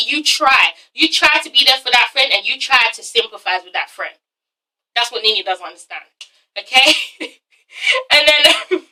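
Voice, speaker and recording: Sassy bright-voiced woman, swearing freely. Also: sits high, distant mic, rough recording. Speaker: reality TV reviewer. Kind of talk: casual opinionated commentary.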